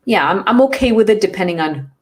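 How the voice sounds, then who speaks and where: A woman guest on a podcast, speaking thoughtfully with measured, halting phrasing. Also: mid-range voice, expressive. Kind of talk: casual discussion.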